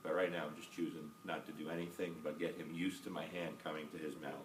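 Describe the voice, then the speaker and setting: A dog trainer calmly explaining each step of a training method, patient and often checking in with "okay?". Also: male voice, very deep voice, fast talker. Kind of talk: casual instructional demo. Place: indoors at home with a dog. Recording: faint background noise, mic at some distance.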